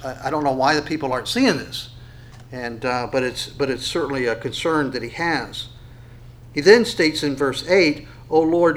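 A man preaching a verse-by-verse sermon in a loose, conversational way, full of fillers, restarts and questions to the room. His voice sits a little high for a man. When he reads scripture aloud he slows down and lifts his voice. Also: fairly bright tone, low-quality recording. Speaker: pastor. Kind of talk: expository sermon.

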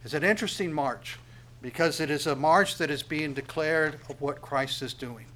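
During a sermon, a man with a fairly high voice slowly reads verses and then talks through them in a plain, conversational way, moving from loud emphasis to quiet asides. A little hiss or hum can be heard.

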